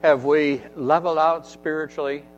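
A man's voice: a little high, fairly even intonation, normal speed, long reverb tail. A man preaching a sermon in an earnest way, repeating phrases for emphasis. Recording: dull recording with faint mains hum.

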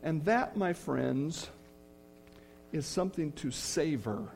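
A man's voice: a little high, lively intonation, slow, vocal fry, a little mellow, slight background noise. A male pastor preaching a sermon in church, earnest, leaning hard on key phrases.

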